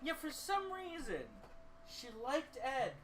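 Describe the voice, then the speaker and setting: Sarcastic teasing woman with a lively voice. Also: high-pitched, slow, loud music behind the voice. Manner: teasing, sarcastic, laughs often. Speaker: tabletop game player. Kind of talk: casual banter at a game table.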